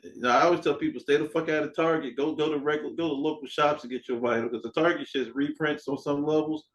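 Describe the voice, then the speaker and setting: A man hosting a podcast in casual chat, an animated storyteller who acts out dialogue and swears freely. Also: on the high side, fast talker, muffled recording. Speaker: podcast host.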